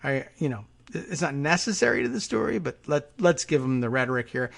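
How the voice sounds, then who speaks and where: A political podcast host reading a news story aloud and breaking off into sarcastic, laughing asides, full of fillers. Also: male voice, on the high side, big pitch swings, fairly quick, creaky.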